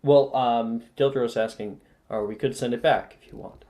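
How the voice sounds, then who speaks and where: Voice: mid-range voice, normal speed, dark tone. A game master narrating a tabletop role-playing game in an easygoing, chatty way. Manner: easygoing, chatty, laughs often.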